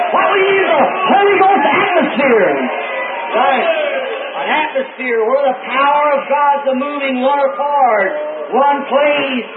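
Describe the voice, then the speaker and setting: A man's voice: extremely high pitch, heavy background noise. A man preaching a revival sermon to a congregation, telling homey stories and rising into fervent exclamations. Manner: folksy storytelling, fervent. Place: meeting hall with congregation. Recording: tinny lo-fi old recording, roomy and distant.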